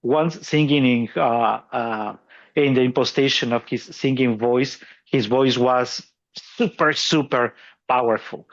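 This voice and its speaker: A man's voice: mid-range voice, unhurried. Self-mocking man with a lo-fi sound. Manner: laughs often, self-deprecating. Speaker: podcast co-host. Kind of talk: casual explanatory chat.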